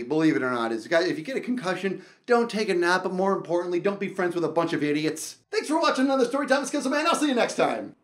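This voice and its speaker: A man spinning a personal anecdote for his channel, his voice leaping all over the place. He builds the tale dramatically, breaks into excited shouts, then turns chatty and addresses the viewers directly. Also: high-pitched, fast, few pauses. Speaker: channel host. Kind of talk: animated personal storytelling.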